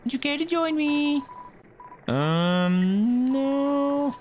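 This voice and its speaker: A man's voice: very high voice, expressive, very slow, darkish tone, a little hiss or hum, pitched above the performer's own voice, full character voice. A man voicing a dreamy boat-riding riverperson in a sing-song voice.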